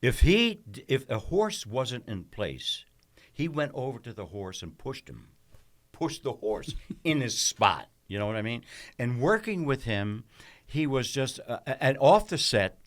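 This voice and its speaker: Older man, lively storyteller. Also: mid-range voice, unhurried. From South Philadelphia. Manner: animated storyteller who acts out quoted voices. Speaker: podcast host. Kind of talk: casual storytelling chat.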